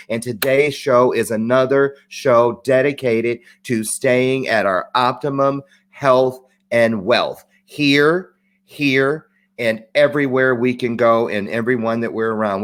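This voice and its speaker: A man hosting a live-streamed talk show, opening with a chatty, joking monologue and lively asides. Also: medium pitch.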